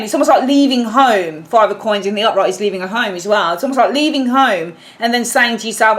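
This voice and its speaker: A woman's voice: on the high side, fairly quick, hardly any pauses. A woman giving a casual tarot reading, chatty and apologetic, correcting herself as she goes. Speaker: tarot reader.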